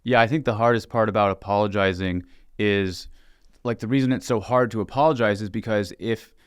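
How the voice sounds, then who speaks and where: A man's voice: fairly low pitch, steady tone, brisk, clean tone, no echo, clean studio sound. A young man hosting a casual conversation, reflective and candid about his own marriage. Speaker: podcast host.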